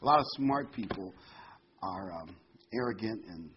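A man preaching a sermon, reading scripture slowly and telling folksy jokes. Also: on the low side, expressive, lo-fi sound, slight background noise. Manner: folksy, reads scripture slowly, laughs at his own jokes.

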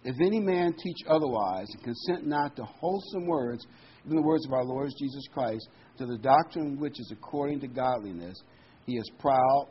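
A man preaching a sermon, talking conversationally and slowing down to read scripture with emphasis. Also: mid-range voice. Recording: dull lo-fi recording with faint noise.

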